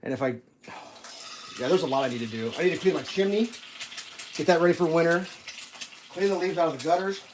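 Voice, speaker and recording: A man's voice: a little high, brisk, pauses often, noisy background. A man chatting casually while cooking breakfast at home, rambling through stories and laughing at them.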